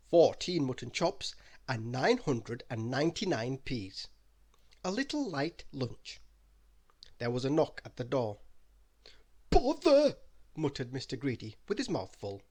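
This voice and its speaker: Man reading a lively bedtime story. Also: mid-range voice. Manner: animated, expressive reading. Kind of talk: bedtime story read-aloud.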